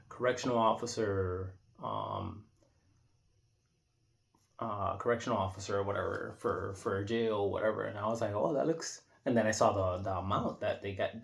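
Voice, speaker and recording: A man's voice: lowish voice, creaky. A man in his thirties talking casually and reflectively in an unscripted monologue, rambling with many restarts and fillers. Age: 30s. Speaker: vlogger. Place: indoor room.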